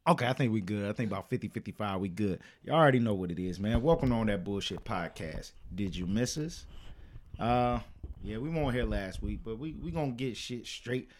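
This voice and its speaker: A man co-hosting a podcast, talking casually and profanely, laughing often and telling stories with lively energy. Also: on the low side, a little fast, slight background noise. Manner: profane, laughing, animated storytelling. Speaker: podcast co-host. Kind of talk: casual chat. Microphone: studio podcast mic.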